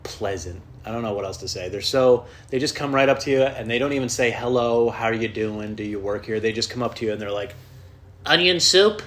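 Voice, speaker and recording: Low-ish voiced guy rambling on his podcast, swears a lot, keeps losing his train of thought. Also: fairly even intonation, fast, few pauses, a little hiss or hum. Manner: rambling, swears often, restarts sentences. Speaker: podcast host. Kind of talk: casual solo rant.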